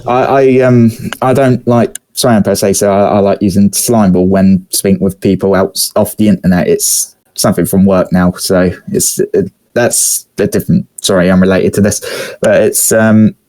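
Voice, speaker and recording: A young British man hosting a podcast, telling a story in a rambling, hesitant way with many fillers and pauses. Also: low-pitched, steady tone, mellow. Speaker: podcast host. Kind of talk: casual storytelling chat.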